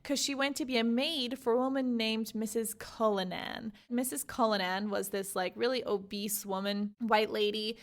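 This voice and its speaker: A young woman with a slightly high voice talks through a book in casual podcast chat. She is lively and chatty and keeps dropping in "like" and "you know" as she sums up chapters. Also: normal speed, few pauses. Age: young adult. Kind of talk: casual book summary with read-aloud excerpts.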